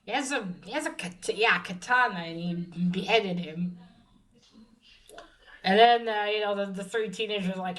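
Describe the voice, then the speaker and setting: A woman's voice: mid-range voice, unhurried, fairly bright tone, low-quality recording. A woman giving a casual comic book review, chatty and profane, with many fillers and restarts.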